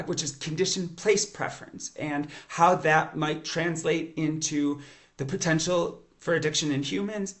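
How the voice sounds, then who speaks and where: Man, science teacher, somewhat high voice, eager conversational lecture, frequent restarts. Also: a bit bright. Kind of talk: educational lecture monologue.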